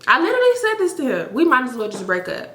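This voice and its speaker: A woman's voice: sits high, wildly swooping pitch, fast, a bit bright. A woman telling a personal story to her viewers, blunt and frank, with lots of "like" in her talk. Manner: blunt, frank, heavy use of "like". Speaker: storytime vlogger. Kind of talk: casual storytelling to camera. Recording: roomy echo, faint background noise.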